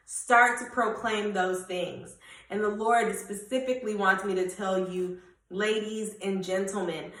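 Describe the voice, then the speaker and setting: A woman's voice: mid-range voice, fairly bright tone, roomy sound, far from the mic, low-quality recording. A woman giving a Christian encouragement talk for her channel, who repeats her key phrases and proclaims them over and over. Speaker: Christian vlogger. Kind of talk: faith encouragement vlog.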